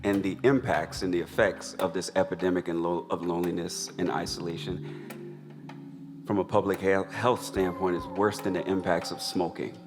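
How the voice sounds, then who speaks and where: A man's voice: deep voice, fairly even intonation, normal speed. A man hosting a live event, speaking in an earnest, reflective way. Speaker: host. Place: museum event hall. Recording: hall reverb with music.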